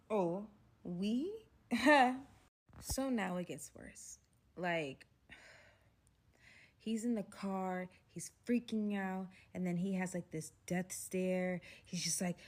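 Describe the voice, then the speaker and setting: A young woman telling a dramatic story to the camera, with loud bursts in an animated storytime vlog. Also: lowish voice, a little slow.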